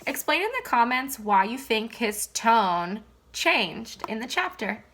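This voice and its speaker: A woman's voice: fairly high pitch, sing-song, measured pace, a bit bright, slight background noise. A woman teacher wrapping up a read-aloud lesson, friendly and encouraging toward her students. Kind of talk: classroom read-aloud wrap-up.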